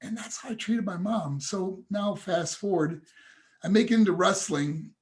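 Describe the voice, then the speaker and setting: A man's voice: high-pitched, measured pace. A man talking as a podcast guest over a video call, telling a personal story earnestly and with feeling. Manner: earnest, emotional, addresses hosts as guys. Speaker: podcast guest, motivational speaker.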